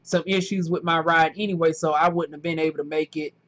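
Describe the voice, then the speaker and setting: A woman's voice: deep voice, fairly even intonation, fairly quick, muffled recording. A woman vlogger talking casually to camera about her new job, rambling a little with fillers and restarts.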